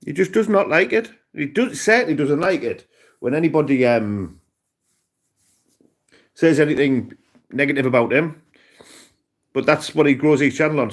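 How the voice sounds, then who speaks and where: Rambling Cumbrian man on a livestream. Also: a little high. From Cumbria, England. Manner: rambling, chatty, peppered with "mate". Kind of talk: casual live-stream chat.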